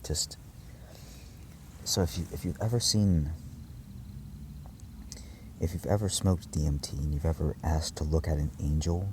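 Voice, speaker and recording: Low-voiced man rambling intensely. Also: mellow, slight background noise. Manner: intense, profane, wandering, many fillers and restarts. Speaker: vlogger addressing his viewers. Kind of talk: rambling spiritual monologue.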